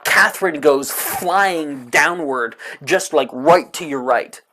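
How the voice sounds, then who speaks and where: A man narrating a tabletop game as game master, slow and halting, full of fillers and little laughs. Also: a little high, sharp tone, slight background noise.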